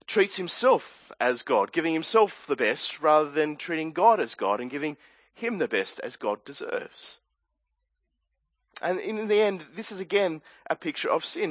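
Earnest Australian male preacher, a touch high, muffled dry sound. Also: fairly bright tone, no room sound. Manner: earnest, explanatory, with asides and restarts. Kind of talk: sermon.

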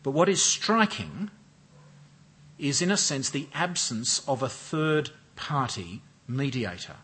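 Husky-voiced man preaching with lively emphasis. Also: medium pitch. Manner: measured, emphatic repetition with slow stressed phrases. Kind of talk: expository sermon.

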